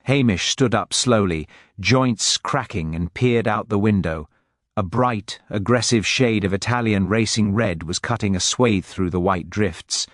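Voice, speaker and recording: Man, audiobook narration, low voice, steady, dry close sound. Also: unhurried, dry recording.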